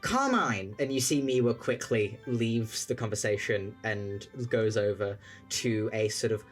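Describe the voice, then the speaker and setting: A man narrating as game master of a tabletop game, relaxed and descriptive. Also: fairly low pitch, unhurried, faint music behind.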